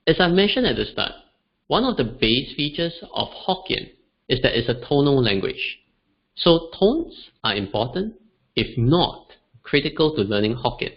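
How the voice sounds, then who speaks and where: A man's voice: mid-range voice, big pitch swings, normal speed. A man teaching an online beginners' language webinar, demonstrating tones aloud. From Singapore. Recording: dull lo-fi webinar audio.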